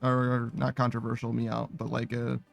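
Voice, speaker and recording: Gravelly-voiced man streamer saying meow constantly. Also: medium pitch, completely flat delivery, normal speed, faint music behind. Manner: tacks a meow onto nearly every sentence; laid-back, tired, laughs and swears often. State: tired. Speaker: live streamer. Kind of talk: casual stream chat reading viewer messages.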